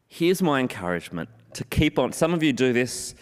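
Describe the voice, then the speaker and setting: A man preaching in an earnest, steady voice of middling pitch. He leans on key phrases, slowing down and repeating them for weight. The sound carries a long reverb from a large hall. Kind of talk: sermon.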